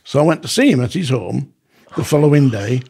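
A man with a gravelly, husky voice recounts his time as a prison officer on a podcast. He tells it casually, at a middle pitch, and lively acts out what each person said. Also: a little fast. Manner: animated, acts out quoted dialogue. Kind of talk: casual storytelling.

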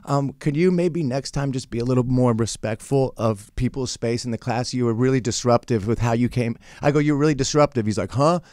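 A man guest on a podcast tells a loose, profane story in casual chat, slipping into the voices of the people in it. His voice sits at a middle pitch. The sound is dry and close, with no room echo. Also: fairly quick, darkish tone, clear, resonant tone. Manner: profane, rambling, acts out quotes.

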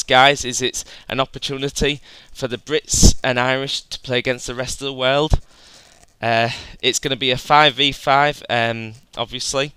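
Male gaming host, bright and very clean-sounding, casual and chatty. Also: medium pitch, smooth, no room sound. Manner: chatty, rambling, says "guys" often. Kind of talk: gameplay voice-over commentary.

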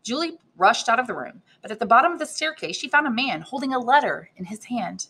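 A woman, an English teacher, reading a novel aloud with expressive delivery, lifting her voice for the characters' lines. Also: brisk, hardly any pauses, slightly rough. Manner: expressive reading, raises pitch for quoted characters.

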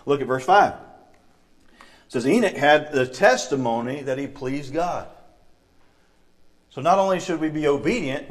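A middle-aged man with a Southern US accent preaching a church sermon, telling stories from his childhood and acting out the people in them. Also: mid-range voice. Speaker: lay preacher. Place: church sanctuary.

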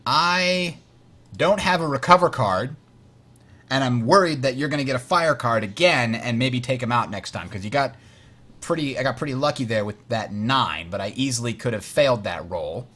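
A man with a mid-range voice walking a new player through a board game, explaining each rule as it comes up. He talks in a loose, chatty way, filling pauses with "uh" and correcting himself as he goes. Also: mid-range voice, lively intonation, bright, forceful tone. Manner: explanatory, frequent uh fillers, self-correcting. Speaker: host teaching a board game. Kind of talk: tutorial while playing.

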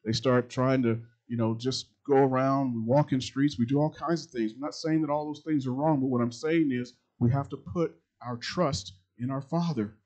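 A middle-aged man, a pastor, preaching a sermon that repeats its phrases and swings between loud and quiet passages. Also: medium pitch, steady tone, moderate pace, few pauses, muffled recording.

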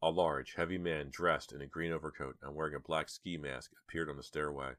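A man narrating a horror audiobook in a steady, measured way. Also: rumbling low, no room sound.

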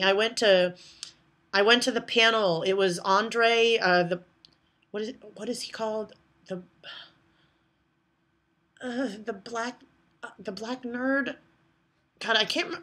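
A woman chatting casually to her vlog audience, swearing a lot as she tells animated stories. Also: medium pitch. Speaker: vlogger. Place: indoors at night.

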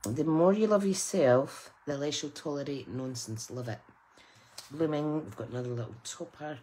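A woman's voice: low-pitched, moderate pace, warm tone, low-quality recording. A middle-aged woman, chatting casually and exclaiming with delight as she unboxes craft gifts. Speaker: craft channel host.

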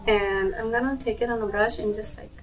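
A young woman telling a rambling story time while doing her makeup, full of "like" and lively retelling. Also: a little high, a little fast, distant mic, poor audio. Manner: rambling, lots of "like", animated retelling. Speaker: beauty vlogger.

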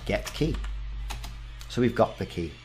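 A man's voice: fairly low pitch, lively intonation, unhurried, a little mellow, soft background music. A man in his forties hosting a casual game walkthrough, reading the game's text aloud with wry asides. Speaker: gaming channel host.

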